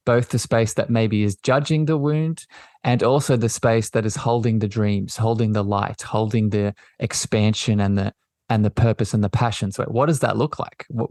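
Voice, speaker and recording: A man hosting a podcast, talking in a gentle, affirming way and often circling back over his words. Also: fairly low pitch, moderate pace, no echo, clean studio sound. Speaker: podcast host. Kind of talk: reflective spiritual conversation.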